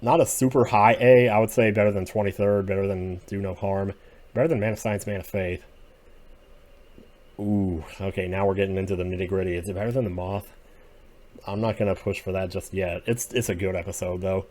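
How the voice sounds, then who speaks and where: A man giving casual solo commentary as he ranks TV episodes, rambling and opinionated, drifting between quiet muttering and sudden outbursts. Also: low-pitched, flat delivery, a little fast. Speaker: video creator ranking TV episodes.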